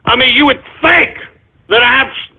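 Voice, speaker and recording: A man's voice: very high-pitched, moderate pace, a little hiss or hum. A man hosting a call-in radio show, ranting angrily with curses, sighs and stumbling restarts. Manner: angry, cursing, frequent sighs and restarts. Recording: tinny phone-like lo-fi audio.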